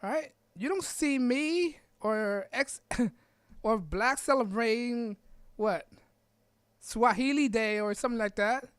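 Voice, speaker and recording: A woman with a fairly high voice hosts a podcast monologue, pressing her points with repeated rhetorical questions. Her delivery is emphatic, and she often tags a line with a quick check for agreement. The sound is close and dry, with no room echo. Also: clean tone. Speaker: podcast host. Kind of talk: opinion monologue.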